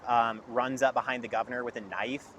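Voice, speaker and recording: A young man tells a long story in loose, casual chat, packing his sentences with "like". His voice sits at an ordinary middle pitch. Faint traffic noise hums behind him. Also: fairly even intonation, a little fast, a bit bright. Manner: rambling storyteller, heavy use of "like". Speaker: podcast guest.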